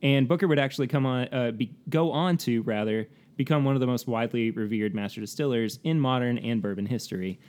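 A man's voice: mid-range voice, brisk, hardly any pauses, a little mellow. A man co-hosting a casual whiskey tasting chat, rambling, correcting himself and laughing often. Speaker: co-host of a whiskey tasting show.

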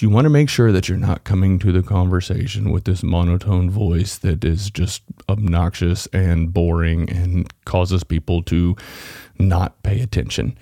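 A man's voice: on the low side, mellow, no echo, clean studio sound. A man from Texas with a Texan accent, hosting a solo podcast and coaching listeners directly in a conversational way. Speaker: podcast host. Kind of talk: solo podcast tips talk.

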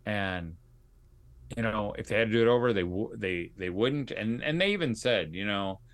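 A man's voice: fairly low pitch, lively intonation, normal speed. A man hosting a podcast, telling stories in an earnest, conversational way to his listeners. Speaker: podcast host. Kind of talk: casual podcast monologue.

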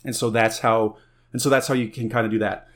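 A man's voice: fairly low pitch, steady tone, fairly quick, fairly bright tone. Playful man giving a mini-lecture. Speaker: podcast co-host. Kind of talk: casual podcast chat.

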